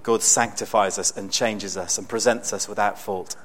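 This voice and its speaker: A man preaching a sermon in a conversational, storytelling way with bursts of excitement. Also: fairly low pitch, normal speed.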